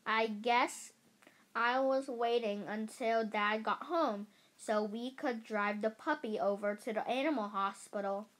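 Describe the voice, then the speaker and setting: A woman reading the lines of a caring mother, calm and matter-of-fact. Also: on the high side, unhurried. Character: caring mother of a young girl.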